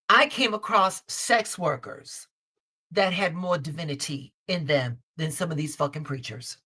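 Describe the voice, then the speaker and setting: Host, woman, bright and forceful, blunt and profane, on a video call. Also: on the low side. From Chicago. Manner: blunt, profane, emphatic storytelling. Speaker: host, tarot reader. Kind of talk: casual live-stream chat.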